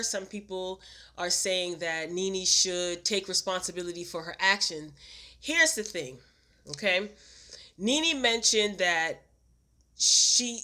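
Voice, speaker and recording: A woman's voice: mid-range voice, sharp tone. A woman casually reviewing a reality TV reunion episode, opinionated and exasperated, talking with lots of fillers and restarts. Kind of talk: casual commentary vlog.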